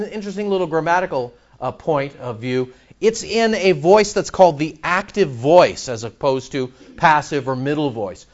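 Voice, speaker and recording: A male pastor preaching in a church. He is animated, with sudden loud outbursts and mock back-and-forth dialogue. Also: high-pitched, dull audio. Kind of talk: sermon.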